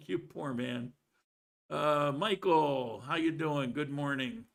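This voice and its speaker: A man's voice: fairly high pitch, slow pace, gravelly. A man hosting a live stream, greeting viewers by name and chatting casually with frequent restarts. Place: living in Colombia.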